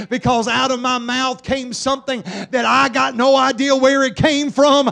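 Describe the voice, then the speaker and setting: A male pastor preaching a sermon from a church pulpit, moving between hushed passages and shouted ones. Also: very high-pitched, steady tone, normal speed, creaky, hardly any pauses.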